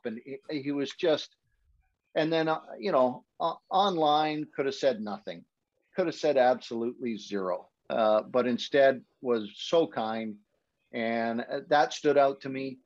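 Casting: man, broadcaster guest, lively storyteller, mid-pitched, dull dry podcast sound. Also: unhurried, no room sound. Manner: animated storyteller, acts out quotes with high voice jumps. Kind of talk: casual storytelling chat.

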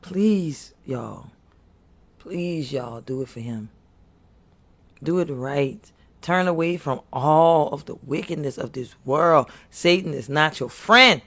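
A man's voice: a little high, slow pace, a bit bright. A man preaching to his viewers with impassioned, earnest exhortation, pleading and repeating himself. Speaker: faith speaker.

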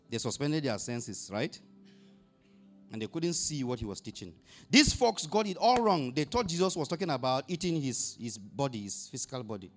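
Animated preacher man. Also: on the high side. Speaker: pastor. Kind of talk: sermon.

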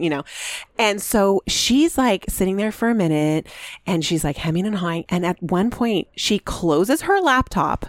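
A woman telling a story in casual chat, animated, acting out what people said. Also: medium pitch, normal speed, no room sound, studio quality. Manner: animated storytelling, acts out quotes. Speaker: local school meeting commentator.

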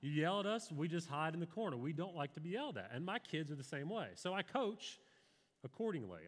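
A man preaches in an earnest, conversational way, telling personal stories to a live congregation. His pitch rises and falls a great deal, and his voice carries through a hall with a long, ringing reverb. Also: fairly bright tone. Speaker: pastor. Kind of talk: sermon.

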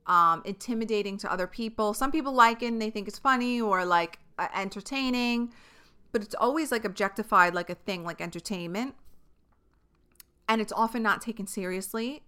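A woman's voice: medium pitch, brisk, sharp tone, clean tone. A young woman from New York with a New York accent, hosting a podcast in a frank, chatty monologue full of fillers and the odd swear word. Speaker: podcast host. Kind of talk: casual solo podcast monologue.

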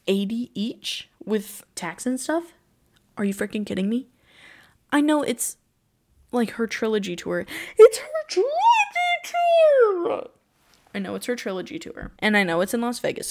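A teenage girl hosting her own podcast, chatting casually and gushing with lots of exclamations. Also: mid-range voice. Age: teens. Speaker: podcast host. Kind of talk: casual solo chat.

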